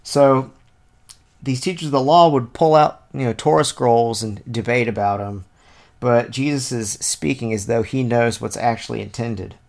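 A man's voice: medium pitch, normal speed, creaky. Man teaching scripture in a chatty way. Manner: conversational and digressive, thinking aloud with fillers; reads scripture aloud, then explains it. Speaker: Bible teacher. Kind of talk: informal Bible study teaching.

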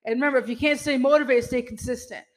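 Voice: high voice, fairly even intonation, fast, rough recording. Emphatic motivational podcast host. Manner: emphatic pep talk, frequent "you know" and mild swearing; speaks straight to listeners as "y'all".

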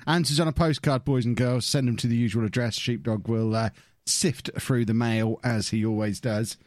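A man's voice: mid-range voice, fairly even intonation, moderate pace, no room sound, studio quality. A man hosting a casual gaming podcast, full of playful, teasing banter. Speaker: podcast host.

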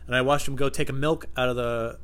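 A man's voice: mid-range voice, quick pace, clear, resonant tone. A young man hosting a podcast, rambling through comic stories with plenty of swearing. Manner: animated storytelling, swearing, bursts into loud impressions. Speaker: podcast host. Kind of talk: rambling comedic monologue.

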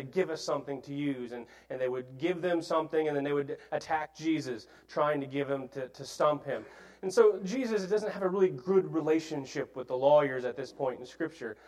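A man with a slightly higher voice delivers a sermon. He explains scripture earnestly, often pausing with fillers and restarting his sentences. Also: darkish tone, rough recording. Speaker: preacher.

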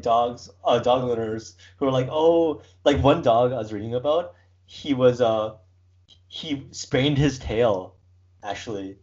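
A man's voice: medium pitch, darkish tone. Rambling man in casual chat. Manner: rambling, filler-heavy, laughs often. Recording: dull lo-fi recording.

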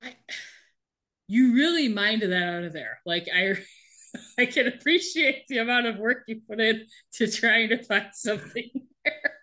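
A woman's voice: a little high, lively intonation, unhurried, pushed and bright. A woman from the American Midwest co-hosting a podcast, skeptical and wry in casual chat. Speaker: podcast co-host.

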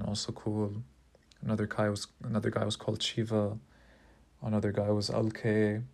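A man's voice: lowish voice, gravelly. A young man telling a personal story in a rambling, profane, casual way, often repeating words.

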